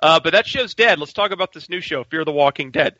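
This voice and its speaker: Animated podcast man with a bright voice. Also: on the high side, fast talker, no room sound. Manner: animated, acts out scenes in shouted voices. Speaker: podcast co-host. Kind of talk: casual chat. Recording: dull lo-fi podcast audio.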